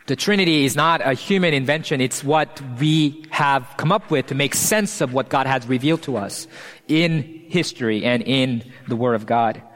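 A male pastor preaching a sermon in an earnest, emphatic way, slowing down and pausing to stress key phrases. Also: mid-range voice, fairly bright tone, in a large hall. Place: church hall.

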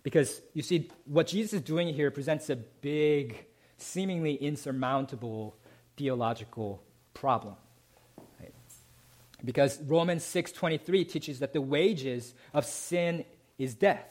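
A man preaching a sermon, who often asks the congregation "right?" and moves between emphatic climbs and soft, low passages. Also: a little slow. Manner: rising to emphatic peaks, then dropping soft and low. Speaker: pastor.

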